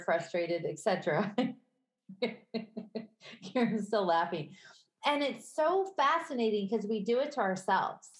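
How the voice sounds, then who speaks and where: Midwestern lady cohost, candid, laughs a lot, bit of echo on her. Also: medium pitch. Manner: chatty, laughs often, candid. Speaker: podcast co-host. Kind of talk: casual chat. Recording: echoey room.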